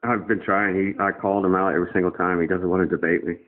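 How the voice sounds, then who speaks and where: A man's voice: low voice, steady tone, fast, slight background noise. A man talking in a casual group chat, laid-back and blunt. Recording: tinny phone-like audio.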